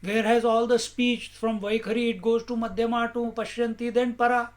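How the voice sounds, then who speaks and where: A man giving a spiritual discourse as a teacher, asking rhetorical questions in a measured, emphatic way. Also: very high voice, little pitch movement.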